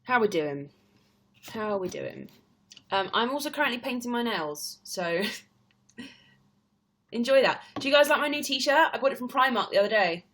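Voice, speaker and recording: A woman's voice: a little high, lively intonation, normal speed, pauses often, fairly bright tone. A young British woman hosting a casual live stream at home, chatting in a rambling way and laughing often. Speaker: livestream host.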